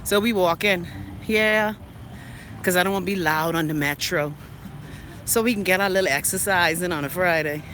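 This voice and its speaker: Bahamian woman, chatty and sassy, phone-in-hand street vlog, traffic clearly audible behind. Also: on the low side, moderate pace, long pauses, fairly bright tone. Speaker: vlogger. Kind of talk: casual live-stream chat while walking. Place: city street outdoors, walking. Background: traffic noise.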